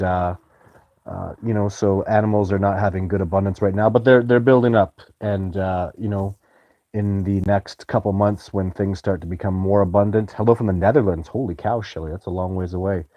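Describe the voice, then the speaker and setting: A man's voice: on the low side, mellow, no room sound. A man hosting a live stream, chatting loosely and greeting viewers as he reads their comments. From Canada.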